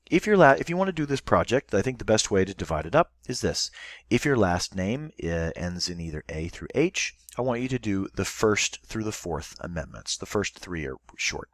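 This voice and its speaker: A man's voice: low-pitched, dry recording, clean studio sound. A male teacher giving a recorded online class lesson, explaining step by step and thinking aloud as he goes.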